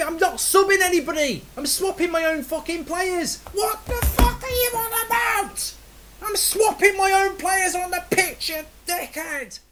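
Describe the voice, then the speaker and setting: An English man giving raging commentary on a football video game, swearing constantly and shouting in frustration. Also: very high-pitched. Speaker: gaming streamer.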